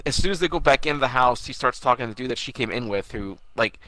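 A man in casual podcast chat about a movie, talking in a profane, rambling, excitable way. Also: medium pitch, quick pace, poor audio. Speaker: podcast co-host.

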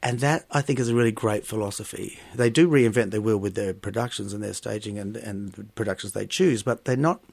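A middle-aged Australian man, a stage performer, telling stories as an interview guest, expressive and lively when amused. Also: fairly low pitch, brisk, creaky, few pauses, dry recording. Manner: expressive storyteller, animated bursts when amused. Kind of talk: interview conversation.

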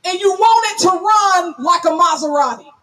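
A woman's voice: extremely high pitch, normal speed, a bit bright, a little hiss or hum. A woman voicing her blunt younger sister, a runner who lectures her bossily. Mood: lecturing. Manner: bossy, lecturing.

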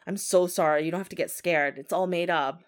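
A woman's voice: on the low side, fairly even intonation, fairly quick, close to an everyday voice. A woman voicing a playful father who teases his son and then apologizes, in a light, joking tone. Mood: apologetic.

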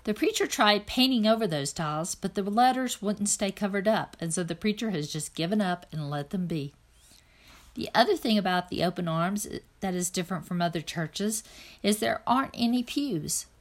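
A woman reading a children's novel aloud in an even, plain first-person narration. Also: mid-range voice, moderate pace. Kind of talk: read-aloud storytelling.

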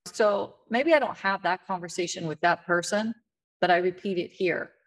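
A woman's voice: lowish voice, moderate pace. A woman in an interview who sounds weary and a little frustrated, telling stories in a candid, plain-spoken way. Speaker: end-of-life advocate, guest. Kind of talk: conversational storytelling interview.

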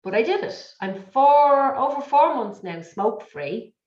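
A middle-aged woman speaking as an interview guest, telling her story in an emotional, repetitive, animated way. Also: high-pitched, measured pace. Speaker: guest, business coach. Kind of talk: candid conversational interview. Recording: echoey, dull lo-fi audio.

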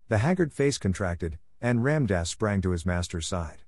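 A man reading a children's novel aloud as narrator, measured and even. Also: sits low, dry recording. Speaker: audiobook narrator. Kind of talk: scripted narration.

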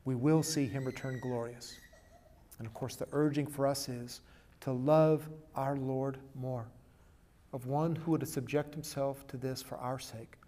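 A man preaching a sermon and reading a storybook passage aloud, swinging from hushed to loud and emphatic. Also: mid-range voice, steady tone, unhurried.

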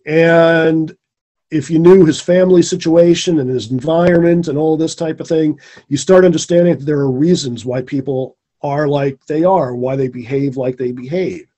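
A man's voice: a little high, warm tone. A man, a former teacher, telling a personal story in an earnest, rambling way and repeating phrases for emphasis. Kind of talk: casual storytelling in conversation.

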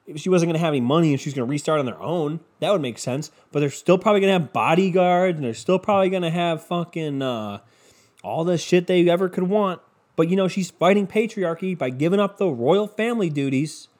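A man's voice: fairly high pitch, lively intonation, brisk, darkish tone. A young man from the United States ranting casually, sarcastic and profane, mocking his topic.

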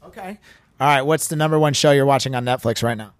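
A man's voice: medium pitch, fast talker, dry recording. A man with a New England accent hosting a casual podcast interview at a fitness gym, joking and teasing his guest. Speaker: podcast host.

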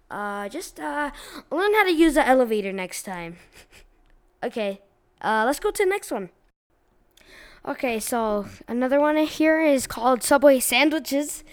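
A woman hosting a casual video, reading online posts aloud and commenting in a slangy, animated way with frequent giggles and sudden loud outbursts. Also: high-pitched.

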